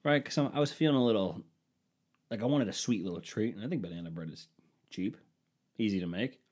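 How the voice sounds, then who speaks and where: A man's voice: on the low side, brisk. A young man hosting a podcast, telling stories casually, swearing often and getting heated when he retells arguments. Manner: profane, animated ranting when retelling arguments. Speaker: podcast host. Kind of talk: casual storytelling.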